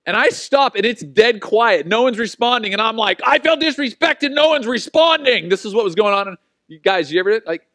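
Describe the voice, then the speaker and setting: A man in his forties preaching a sermon, telling personal stories in an animated, self-mocking way. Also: high voice, a little fast, few pauses, dry recording. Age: 40s. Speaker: pastor.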